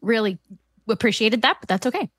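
Co-host, woman, 40s, friendly chatter, slightly high, dry sound. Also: lively intonation, slightly rough, dry recording. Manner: chatty, quick to agree and laugh. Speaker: podcast co-host. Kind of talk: casual chat.

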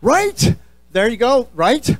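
Man, New Jersey accent, middle-aged, high for a man, podcast host, joking and opinionated. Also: slow pace, over a noisy crowd. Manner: animated, jokey, opinionated. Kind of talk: live stage address to fans.

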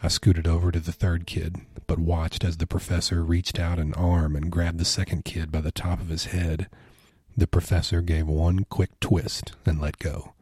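A man's voice: low voice, little pitch movement, normal speed, a little mellow, husky, no echo, clean studio sound. A man narrating a first-person horror story with tense, vivid storytelling.

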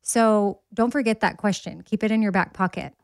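A woman's voice: medium pitch, moderate pace, creaky, no echo, clean studio sound. A woman co-hosting a podcast in casual chat, upbeat and matter-of-fact. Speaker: podcast co-host.

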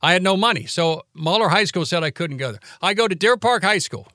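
A man in his seventies, a radio host and lawyer, telling stories from his life in a forceful, driving cadence during a casual interview. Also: sits high, animated, dry recording, studio quality. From Cincinnati, Ohio. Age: 70s. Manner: aggressive rapid cadence.

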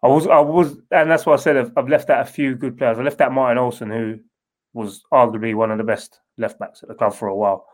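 Rambling ex-footballer. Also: male voice, medium pitch, steady tone, fast, poor audio. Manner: loose, rambling, with many restarts. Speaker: former footballer guest. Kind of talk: casual interview.

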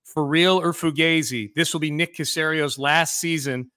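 A man hosts a sports podcast with a bright, forceful voice that sits a little high. He talks fast and jokes, often restarting his sentences. The sound is dry and close. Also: fairly even intonation, no echo. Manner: quick, joking, many restarts. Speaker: sports radio host. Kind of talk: casual sports podcast chat.

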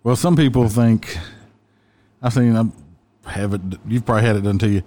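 A man's voice: fairly low pitch, fairly even intonation, moderate pace, warm tone. A man in casual chat, making wry, profane jokes.

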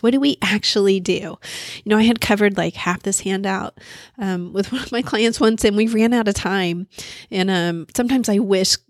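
A woman's voice: medium pitch, vocal fry, no room sound, studio quality. A woman therapist explaining a coping skill in a casual, conversational way, thinking aloud as she goes. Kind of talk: casual teaching talk.

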